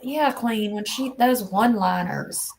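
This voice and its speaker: A woman's voice: fairly high pitch, measured pace, darkish tone, slight background noise, rough recording. A woman in her fifties hosting a casual livestream chat, talking bluntly and scolding emphatically. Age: 50s. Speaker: livestream host.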